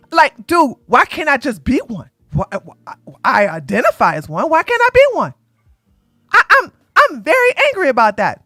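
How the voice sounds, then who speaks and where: A woman host doing live-stream commentary in an animated, sarcastic way, often breaking into laughter. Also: high voice, normal speed, no room sound.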